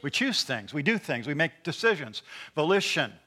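A man delivering a sermon with a bright, forceful tone and a slightly raised pitch. He teaches earnestly, repeats key words and pauses on rhetorical questions to the congregation. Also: very animated. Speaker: preacher.

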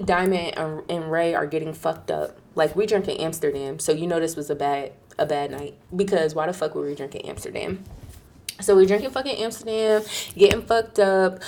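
A young woman telling a casual story in an animated, profane way, acting out the people she quotes. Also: creaky. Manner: acts out quoted people in a higher, louder voice.

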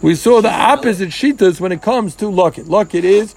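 A man with a high, gravelly voice leads a relaxed Talmud class. He explains each step patiently, drops Hebrew and Aramaic terms into his English and jokes with the students. The recording picks up the group around him. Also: brisk. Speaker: Talmud teacher. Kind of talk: casual Gemara class.

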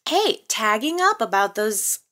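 A woman's voice: fairly high pitch, sing-song, unhurried, pushed and bright. A woman hosting a soap opera chat show, talking casually to her viewers with a chatty, teasing manner and frequent laughs. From American Midwest and Texas. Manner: chatty, laughs often, playful teasing asides.

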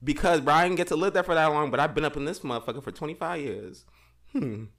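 A man's voice: fairly high pitch, quick pace, a bit bright. A man co-hosting a casual podcast, blunt and joking, swearing freely. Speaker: podcast co-host.

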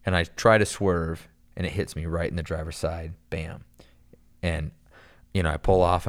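A man telling a long story in casual chat, animated and rambling, full of "dude" and "like". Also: low-pitched, normal speed.

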